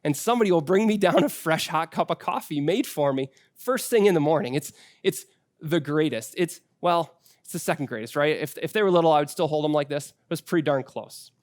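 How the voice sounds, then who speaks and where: Storytelling male pastor, higher voice. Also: animated, fairly quick, no echo. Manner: conversational storytelling with personal anecdotes. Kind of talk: sermon.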